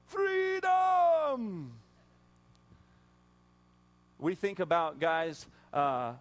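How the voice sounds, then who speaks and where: A pastor preaching a sermon in an animated way, full of rhetorical questions. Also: male voice, a little high.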